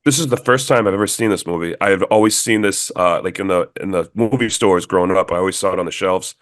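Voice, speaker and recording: Low-voiced man chatting about movies. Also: fast talker, no echo, clean studio sound. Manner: relaxed, filler-heavy, says "like" a lot. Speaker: podcast co-host. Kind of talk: casual movie review chat.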